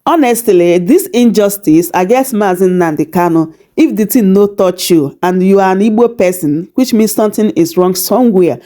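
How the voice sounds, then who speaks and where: A woman hosting a news channel, giving commentary and reading a text aloud with short asides. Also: fairly low pitch. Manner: steady, reads text with brief asides.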